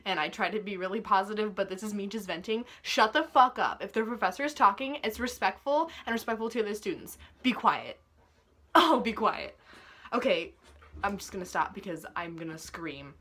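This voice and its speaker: A young woman venting to camera about pet peeves, profane and exasperated, her voice rising into loud outbursts. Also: mid-range voice, fast. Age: young adult. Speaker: vlogger.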